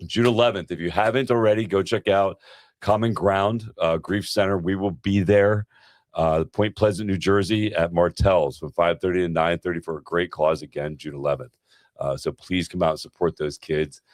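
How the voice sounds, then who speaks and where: A man's voice: sits low, steady tone, normal speed, darkish tone, no echo. A middle-aged man hosting a podcast in casual chat, laid-back and calling people "bro" and "man". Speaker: podcast host.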